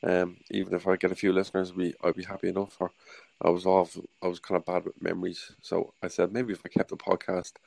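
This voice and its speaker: A man in his thirties with an Irish accent, a podcast guest speaking softly and hesitantly at home at night, rambling with many fillers. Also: deep voice, completely flat delivery, quick pace, vocal fry, dry recording, poor audio. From Ireland. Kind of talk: casual interview chat.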